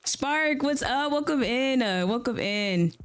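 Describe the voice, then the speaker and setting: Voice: high voice, animated, takes it slowly, fairly bright tone, clear, resonant tone. Laid-back chatty gaming streamer. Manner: laid-back, chatty, repeats slang phrases. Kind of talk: casual live-stream chat while gaming.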